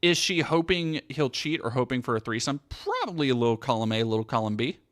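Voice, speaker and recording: Guy streaming, reacting to clips, swears a lot, bright voice, pitch all over. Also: fast. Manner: animated, sarcastic, profane. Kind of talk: casual commentary on clips.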